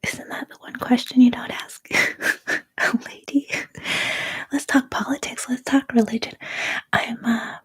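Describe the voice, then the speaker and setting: A Canadian woman in her thirties, whispering a soft-spoken, rambling ASMR livestream chat. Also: a little high, steady tone, measured pace, long pauses, husky. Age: 30s. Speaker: ASMR streamer.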